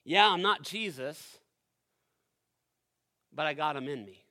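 A man preaching in a high, bright voice at a church service. He speaks straight to the congregation and moves between loud, driving stretches and quiet, hushed ones. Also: expressive, slow. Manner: addresses the congregation directly. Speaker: pastor. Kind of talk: sermon.

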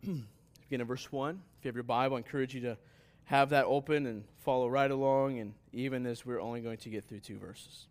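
A man preaching a sermon in a relaxed, conversational way, with asides to the congregation. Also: mid-range voice, brisk. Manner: conversational preaching that rises to emphatic scripture reading. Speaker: pastor.

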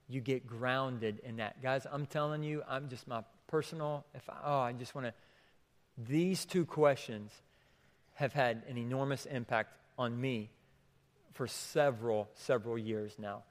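A man preaching a sermon as pastor, repeating questions for emphasis and swinging between hushed and raised delivery. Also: mid-range voice, unhurried. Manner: repeats questions for emphasis, drops to near whisper then rises. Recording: long hall reverb.

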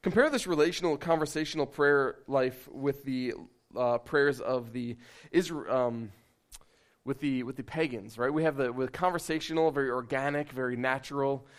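A man preaching a sermon in a conversational, animated, self-deprecating way. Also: medium pitch, normal speed. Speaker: pastor.

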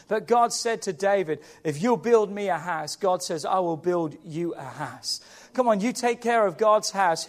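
A man preaching a sermon as a pastor, emphatic and exhorting, often urging his congregation on. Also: sits high. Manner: emphatic, exhorting, repeats "come on". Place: church.

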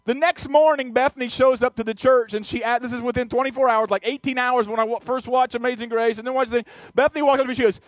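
A man's voice: extremely high pitch, steady tone, fast talker, hardly any pauses, no room sound. A male pastor telling a personal story in a sermon, earnest, often restarting and repeating his words. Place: church sanctuary.

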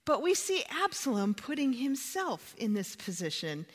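A woman preaching a sermon, retelling a story with dramatic swings in pitch and volume. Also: sing-song, moderate pace. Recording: long hall reverb.

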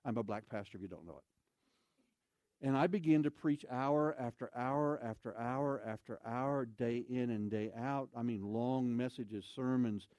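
A man preaching a sermon in a church, telling stories with lively, animated delivery and loud bursts of emphasis. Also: mid-range voice, measured pace, no room sound, highs cut off. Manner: animated storytelling, acts out voices, shouts for emphasis. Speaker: pastor. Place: church sanctuary.

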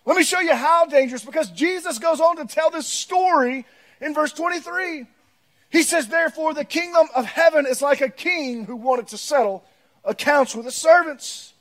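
Pastor, male, high voice, mid-sermon, shifting between big emphatic passages and hushed storytelling. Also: animated, normal speed. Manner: swings from loud emphatic preaching to quiet reflective storytelling.

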